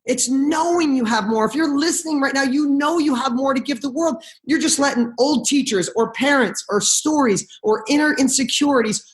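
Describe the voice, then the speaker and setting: A middle-aged man speaks as a podcast guest, launching into motivational stories with real passion. His delivery is rapid and driven, loose and casual, with the occasional swear word thrown in. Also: extremely high pitch.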